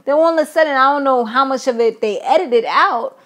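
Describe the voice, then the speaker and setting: A young woman, chatting through a reality TV recap in a slightly high voice. She is opinionated and slangy, and she acts out the cast's quotes as she goes. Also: brisk, a bit bright. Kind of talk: casual recap commentary.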